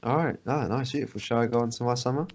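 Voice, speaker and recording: A man's voice: mid-range voice, quick pace. A young man co-hosting a podcast, rambling and swearing as he retells an annoying story in casual chat. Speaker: podcast co-host. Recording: dull lo-fi sound.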